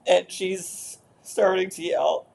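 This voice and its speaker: A woman therapist describes an inner therapy session slowly and hesitantly, with a gravelly edge to her voice. A faint hiss sits under the recording. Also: fairly low pitch, steady tone. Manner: hesitant, soft-spoken, with fillers.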